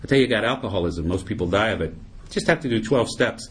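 A middle-aged man gives a humorous personal testimony to a recovery meeting. His pitch is lively and swings widely as he talks. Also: fast, very noisy. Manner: humorous, animated storyteller.

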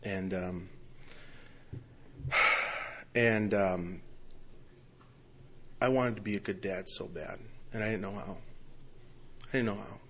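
A man's voice: lowish voice, fairly even intonation, slow, long pauses, bright, forceful tone, a little hiss or hum. A middle-aged man telling a heartfelt personal recovery story at a meeting, rambling with many fillers and restarts. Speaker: speaker sharing his recovery story. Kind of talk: personal testimony talk.

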